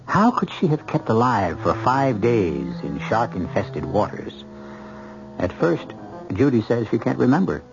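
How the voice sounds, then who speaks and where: A man's voice: medium pitch, very animated, measured pace, gravelly. A man hosting a radio drama, introducing the story in a theatrical, confiding manner. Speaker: host. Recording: dull old radio recording with music.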